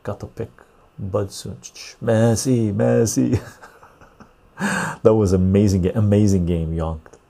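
A middle-aged podcast host from Canada's West Coast speaks in a low, steady, warm voice with vocal fry at a measured pace. On his casual livestream he reads viewer chat aloud and answers it loosely, with frequent fillers.

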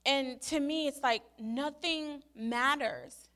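Brief: young woman, chatty testimony, crisp bright tone, slightly high voice, lots of "like". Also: slow pace. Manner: animated, acts out her own quotes, many "like" fillers. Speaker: speaker sharing a testimony. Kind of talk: casual storytelling testimony.

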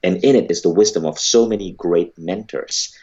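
A man's voice: deep voice, normal speed, darkish tone, dull audio. A man, an entrepreneur, telling a motivational story about his business and book, emphatic and blunt, with casual swearing.

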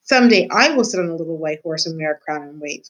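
A woman's voice: deep voice, expressive, fast talker, poor audio. A woman reading aloud and voicing a kind, polite young princess. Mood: gentle. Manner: polite and gentle.

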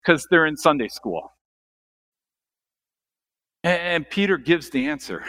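A male pastor preaching a sermon, asking the congregation questions, animated, with sharp rises and drops in his voice. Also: on the high side, a little slow, long pauses.

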